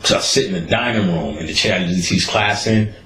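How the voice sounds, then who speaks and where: A man hosting a podcast, telling a story in a casual, animated way, laughing and swearing often. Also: deep voice, quick pace. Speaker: podcast host. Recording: roomy echo with faint noise.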